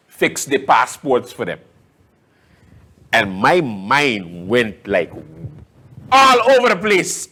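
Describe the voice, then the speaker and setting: A male host of a political talk show delivers casual commentary in a conversational, sarcastic manner, pressing hard on his key points. His voice is medium-pitched and a bit bright.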